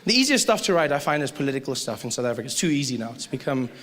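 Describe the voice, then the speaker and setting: A man doing a stand-up comedy set, animated and joking, slipping into quick put-on voices. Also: medium pitch. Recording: live hall recording with audience noise.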